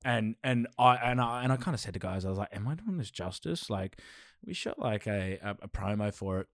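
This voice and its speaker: Chatty young actor. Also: male voice, on the low side, fairly even intonation, brisk, fairly bright tone, no echo, clean studio sound. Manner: rambling, many repeated starts. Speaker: actor guest. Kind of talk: casual conversation.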